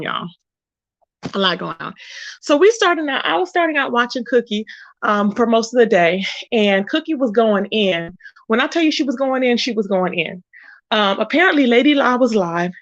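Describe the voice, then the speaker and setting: A woman with a high voice chats casually to her livestream viewers. She greets people by name and drives her points home by repeating them. The sound is dry and close, with a slightly dull, lo-fi quality. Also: a bit bright, no echo. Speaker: livestream commentary host.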